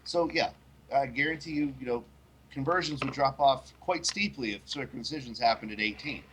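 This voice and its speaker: Blunt and full of profanity, this man hosts a casual podcast and slips into character voices when telling a story. He has a mid-range voice at normal speed, with background noise in the recording.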